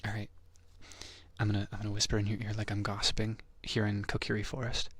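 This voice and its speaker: A man streaming a quiet casual chat, teasing playfully and quick to laugh, close to the mic. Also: lowish voice, monotone, slightly rough.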